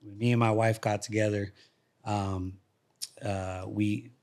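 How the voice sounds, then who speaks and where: Relaxed low-voiced man. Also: slow pace. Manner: relaxed, frequent restarts and repeated words. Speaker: guest, former fighter and coach. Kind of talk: casual interview storytelling. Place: podcast studio.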